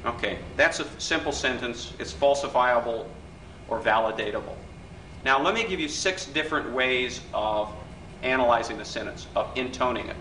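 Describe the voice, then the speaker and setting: A man teaches a workshop in a bright, forceful voice, chatting with his audience and asking them to agree. He is picked up from across an echoey hotel function room, with a faint hiss underneath. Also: mid-range voice, normal speed, far from the mic. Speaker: workshop leader. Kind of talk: live workshop lecture.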